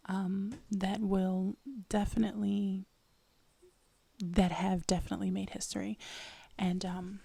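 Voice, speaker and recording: Whispering woman with a gravelly voice. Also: medium pitch, mellow. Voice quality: breathy whisper. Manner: rambling, casual whispered chat. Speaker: ASMR channel host.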